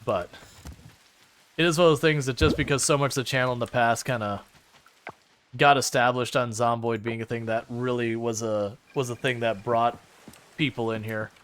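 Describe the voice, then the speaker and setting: A man's voice: medium pitch, steady tone, moderate pace, a bit bright, slight background noise. A man live-streaming a game, chatting casually and rambling with sarcastic asides to his viewers from a home setup. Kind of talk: casual live-stream chat while playing.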